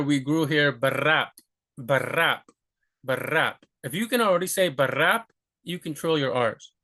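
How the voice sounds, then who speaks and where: A man's voice: on the high side, a bit bright. Chatty man teaching pronunciation. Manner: chatty, repeats words for demonstration, many fillers. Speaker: language teacher. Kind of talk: casual spoken lesson.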